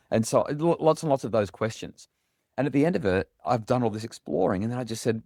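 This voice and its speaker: A middle-aged Australian man, a parenting expert, telling a story in earnest, animated podcast conversation. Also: medium pitch, a little fast, no room sound, clean studio sound.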